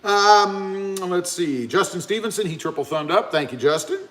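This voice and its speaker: A man hosting a live stream in an easygoing, chatty way, reading viewer comments aloud one after another. His pitch is a little higher than most men's and swings widely as he talks. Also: animated, moderate pace, a bit bright. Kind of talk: casual live stream chat.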